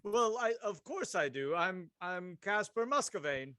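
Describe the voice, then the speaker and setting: A man putting on an English accent to voice a pompous, overly polite gentleman who claims to be a time traveler. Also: high-pitched, animated, a little slow, dry recording, clean studio sound, exaggerated voice. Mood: haughty. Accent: put-on English.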